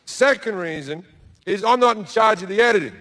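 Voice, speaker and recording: Brash profane comedian, high voice. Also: male voice, lively intonation, fairly quick, a bit bright. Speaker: stand-up comedian. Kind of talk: stand-up storytelling. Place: large theatre with a live audience.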